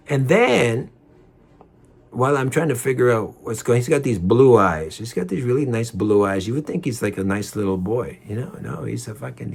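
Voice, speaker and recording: A man's voice: medium pitch, vocal fry, slightly rough. A man telling a personal story in a heated, rambling way, repeating himself and swearing.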